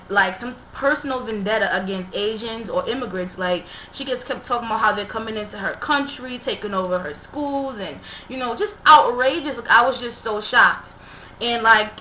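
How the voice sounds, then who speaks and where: A woman's voice: on the high side, normal speed. Chatty young woman telling a story. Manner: chatty, lots of fillers. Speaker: vlogger. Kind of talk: casual storytelling to camera. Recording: dull echoey room recording with faint hiss.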